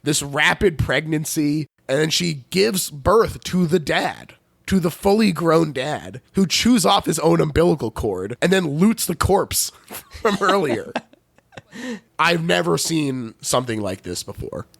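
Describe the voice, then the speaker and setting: Philly guy hosting a horror podcast, kinda gravelly, slightly high voice, laughs a lot, dry close mic. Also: lively intonation, slow pace, dry recording. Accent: Philadelphia. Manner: laughs often, swears, playful recapping. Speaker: podcast host. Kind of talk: casual movie recap chat.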